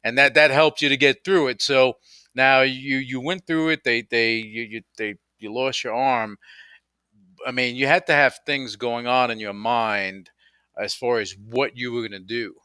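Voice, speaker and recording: A man's voice: medium pitch, fairly even intonation, normal speed, bright, forceful tone, clean tone, no echo. A man hosting a radio interview, asking long, rambling, enthusiastic questions. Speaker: radio show host.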